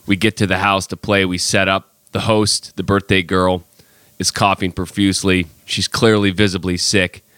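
A man's voice: deep voice, flat delivery, moderate pace, fairly bright tone, clean tone, dry recording. A man hosting a casual podcast, sick with a cold, telling his story in a chatty, exasperated way. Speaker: podcast host.

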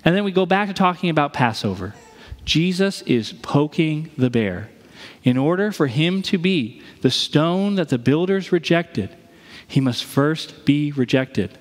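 A man's voice: a little high, expressive, measured pace, long reverb tail. A man preaching a sermon in a conversational way, posing rhetorical questions to his listeners. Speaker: pastor.

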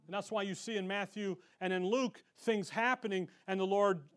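A man with a notably high voice leads an evening Bible study. He talks in a casual, folksy way, drops slangy asides, and hits his main points with strong emphasis. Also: steady tone, moderate pace, clear, resonant tone. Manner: emphatic when stressing key points. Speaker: Bible teacher.

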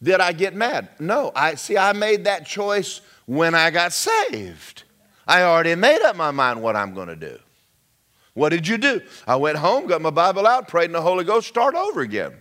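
A man's voice: a little high, wildly swooping pitch, moderate pace, a bit bright. A middle-aged man preaching a sermon, calling out questions to his congregation. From Georgia, US. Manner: preaching with call-outs to the congregation. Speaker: pastor.

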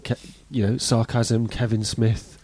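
A man co-hosting a comedy podcast, asking curious, quick questions. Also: mid-range voice, flat delivery, darkish tone. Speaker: podcast co-host.

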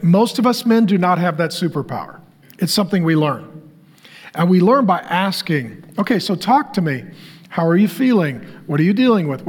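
A middle-aged man preaching a sermon as pastor, conversational, with joking asides to the crowd. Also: sits high.

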